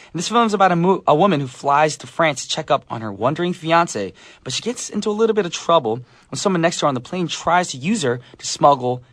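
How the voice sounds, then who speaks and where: A man's voice: mid-range voice, fairly bright tone. A man hosting a radio show from the studio, upbeat and playful as he reads listener messages and banters with a guest. His voice sits in the middle of the male range and sounds close and dry on the studio mic, with no room echo at all. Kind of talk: casual radio chat. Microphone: studio microphone.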